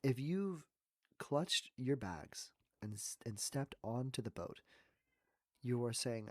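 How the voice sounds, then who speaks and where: A man's voice: medium pitch, lively intonation, takes it slowly, no echo, studio quality. A man, a voice actor and coach, talking earnestly and reflectively as a podcast guest. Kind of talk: casual podcast conversation.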